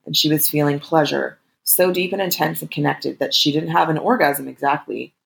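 A woman reading an erotic story aloud in a calm, steady narration. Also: deep voice, moderate pace, creaky, low-quality recording.

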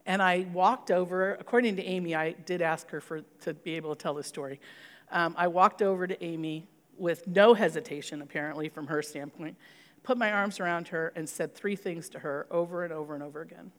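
A woman's voice: lowish voice, a little fast, long reverb tail. A middle-aged woman pastor giving an earnest sermon, telling a personal story and leading into prayer.

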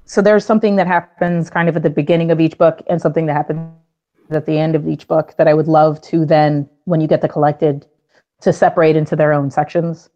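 A woman's voice: deep voice, level tone, a little fast, dark tone, lo-fi sound, soft background music. A woman, a comic book writer and podcast guest, chatting casually and gushing about her characters with lots of fillers and laughs.

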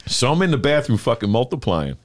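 A man telling a story in casual podcast chat, animated, swearing and laughing as he goes. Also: medium pitch, fast talker, slight background noise.

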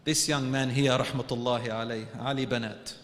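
A male preacher telling a personal story in an earnest sermon, his voice rising to loud urging and dropping to hushed tones, with Arabic religious phrases woven in. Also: mid-range voice, fairly even intonation, fairly quick. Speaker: Islamic preacher. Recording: echoey hall.

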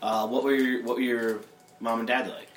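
A man's voice: medium pitch, flat delivery, moderate pace, distant mic. A man co-hosting a casual podcast, asking follow-up questions loosely with fillers. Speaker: podcast co-host. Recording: echoey room, away from mic, faint background noise.

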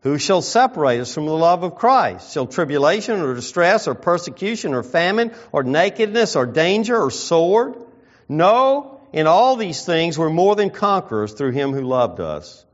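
Emphatic preacher, lively pitch, lo-fi sound. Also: male voice. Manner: emphatic preaching with slow stressed phrases. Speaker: pastor. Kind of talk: sermon. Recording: dull lo-fi sound.

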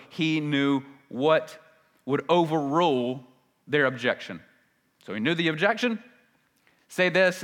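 A man preaching a sermon as a pastor, emphatic, swinging between loud and hushed and repeating phrases for stress. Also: a little high. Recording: long reverb of a large hall.

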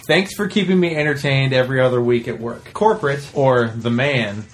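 A relaxed man co-hosting a casual podcast. He talks at a middling pitch and reads a listener email aloud in an easygoing way. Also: normal speed, slight background noise. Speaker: podcast co-host. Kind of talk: casual chat.

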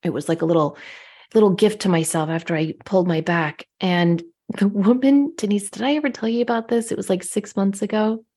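A woman co-hosting a casual talk show, telling stories in an indignant, animated way. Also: mid-range voice, brisk. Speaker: podcast co-host. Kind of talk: casual chat.

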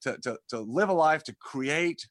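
Speaking unhurriedly with lively intonation, this podcast guest (a dentist who founded a community) rambles through a conversational interview, often repeating words at the start of sentences. His voice is a little high and fairly bright, with no room sound.

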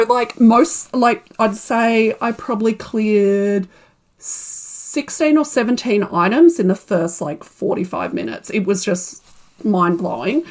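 A woman telling an animated story about her shop launch in a casual chat, laughing and acting out her own reactions. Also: mid-range voice. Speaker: guest, small shop owner.

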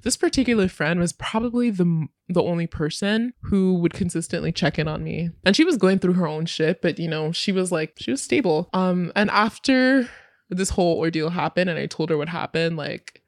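A woman's voice: on the low side, moderate pace, no room sound, clean studio sound. A young woman frankly telling her own story in casual, candid speech, full of fillers and swearing.

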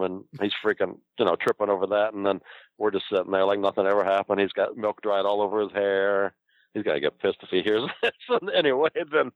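Ex-wrestler man, low voice, swears and laughs through a story; dry, dull lo-fi sound. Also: no echo. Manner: laughs often, swears freely. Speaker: former pro wrestler, guest. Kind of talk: casual storytelling.

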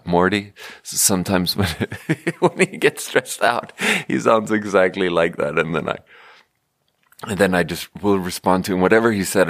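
A man's voice: low-pitched, dry recording, clean studio sound. A man in his thirties hosting a podcast, telling a rambling comic story with sarcastic asides and constant self-corrections. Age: 30s. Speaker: podcast host. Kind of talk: rambling comedic storytelling monologue.

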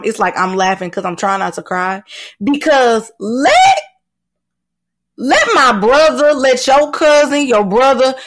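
Woman podcast co-host, fairly high voice, emphatic and indignant, laughs her way through her points. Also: fairly bright tone, rough recording. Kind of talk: casual podcast chat.

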